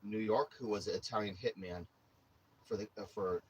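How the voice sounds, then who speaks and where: A man's voice: lowish voice, fairly even intonation, moderate pace, slight background noise, rough recording. A man livestreaming, telling rambling stories to his chat in a casual, profane way with many restarts. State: says he has a headache.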